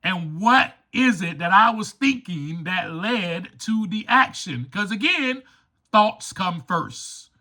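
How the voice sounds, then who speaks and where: A man with a high voice hosts a recovery podcast, taking it slowly in an emphatic, preachy monologue. He's animated, acting out the voices of people he quotes.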